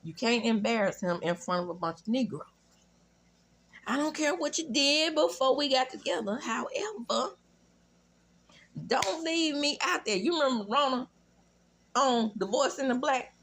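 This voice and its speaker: Brief: Southern woman recap host, high-pitched, sassy and animated. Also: moderate pace, pauses often. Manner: sassy, animated, profane asides. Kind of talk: casual recap commentary.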